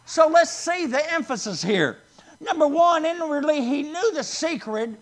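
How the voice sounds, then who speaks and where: A male preacher with a very high voice delivers a sermon at a slow, deliberate pace. He leans hard on key phrases, stretching them out, and keeps asking the congregation to answer back. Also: very animated. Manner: emphatic, drawn-out stresses, asks the congregation questions.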